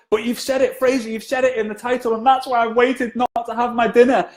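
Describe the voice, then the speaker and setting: A man giving a live-streamed sales training talk, chatty and jokey, often asking viewers to comment. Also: on the high side.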